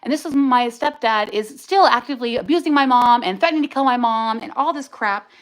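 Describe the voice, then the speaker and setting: A woman's voice: on the high side, brisk, low-quality recording. A woman speaking on a livestream, giving an emotional personal testimony, angry and raw, cursing and talking in bursts. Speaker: livestream host.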